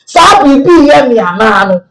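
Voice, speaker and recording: Animated man rambling in pidgin. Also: very high voice, normal speed, low-quality recording. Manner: animated, rambling, switching between languages. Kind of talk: casual commentary in pidgin and local languages.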